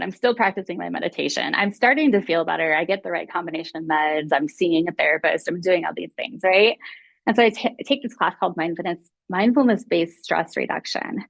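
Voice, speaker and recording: As a guest mindfulness teacher, a woman with a lowish, creaky voice shares her own story in an open, confessional way, acting out what she used to think. There's no echo.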